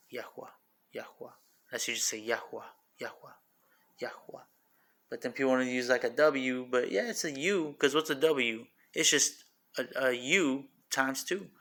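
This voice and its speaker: A man's voice: medium pitch, pushed and bright. A man giving a casual spoken religious teaching in a loose, rambling way, with frequent fillers, repeating words over and over to sound them out. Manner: filler-heavy, says like and you know often.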